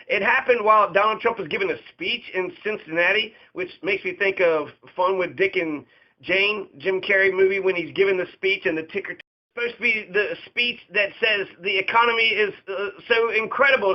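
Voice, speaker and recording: A man with a high-pitched voice delivers a sarcastic, profanity-laced political rant. The sound is dull and lo-fi, with the top end rolled off. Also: brisk. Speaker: host.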